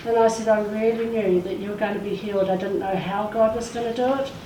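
A woman's voice: mid-range voice, fairly even intonation, fast, dark tone. Woman, church testimony, emotional storytelling, roomy echo, distant mic. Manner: emotional storytelling, acts out quoted voices. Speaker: church speaker sharing a testimony. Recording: echoey room, far from the mic, faint noise.

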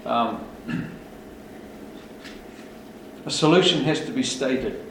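In a large church hall, a man preaches as pastor with a slow, gravelly, fairly bright mid-range voice that's expressive. His sermon is emphatic and rousing, full of rhetorical questions for the congregation, and the echoey recording catches him far from the mic with slight hiss or hum.

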